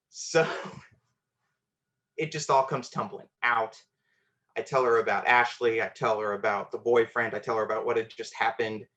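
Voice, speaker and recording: A man's voice: medium pitch, a bit bright. A man telling a personal story on a storytelling show, conversational and self-deprecating, with fillers.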